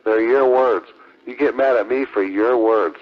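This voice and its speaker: A man's voice: medium pitch, measured pace. A man arguing on air as a ham radio operator, taunting and profane, repeating his accusations over and over. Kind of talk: heated on-air argument. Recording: lo-fi radio transmission.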